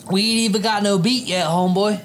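A man's voice: high-pitched, fairly even intonation, quick pace, a little hiss or hum. A man chatting casually as co-host, blunt, mocking and full of curses. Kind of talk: casual chat. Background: loud hip hop beat.

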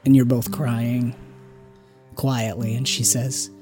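A game master narrating a tabletop role-play scene in a slow, soft storytelling manner. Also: mid-range voice, flat delivery, over music. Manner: slow, drawn-out storytelling with soft drops in volume.

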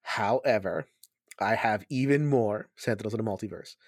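A man's voice: on the low side, moderate pace, dry recording. Man, co-host, enthusiastic, rambling, casual chat, dry close sound. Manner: enthusiastic, rambling with restarts and laughs. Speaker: podcast co-host.

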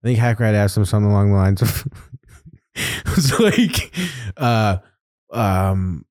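A man's voice: lowish voice, measured pace, clean tone. A man hosting a podcast in casual chat, telling a story with lots of laughter. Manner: animated storytelling, laughing often. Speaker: podcast host.

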